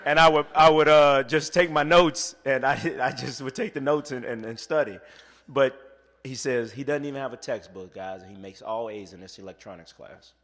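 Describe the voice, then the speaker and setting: A man giving a motivational keynote speech, telling a story and acting out the voices of the people in it, going from soft to loud. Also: mid-range voice, normal speed, in a large hall. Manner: acts out quoted voices. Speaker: motivational speaker.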